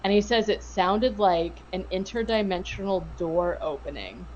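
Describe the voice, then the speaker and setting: Woman podcast co-host, mid pitch, rambling casual recap, slightly dull lo-fi audio. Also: fairly even intonation, moderate pace, a little hiss or hum. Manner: rambling, lots of filler words and swearing. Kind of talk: casual chat recapping a TV episode.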